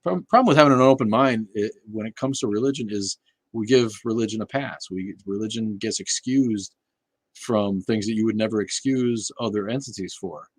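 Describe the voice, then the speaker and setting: A man with a fairly low voice talks loosely through a casual livestream, answering viewer comments bluntly and swearing freely. His speech is full of fillers and restarts. The sound is dry and close. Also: moderate pace, breathy edge, no room sound. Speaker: livestream host reading chat.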